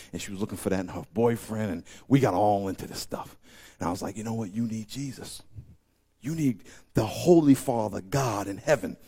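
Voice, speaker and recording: A man's voice: on the low side, husky. A man preaching a sermon, telling stories and joking with his listeners. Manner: animated storytelling, joking with the audience. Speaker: pastor.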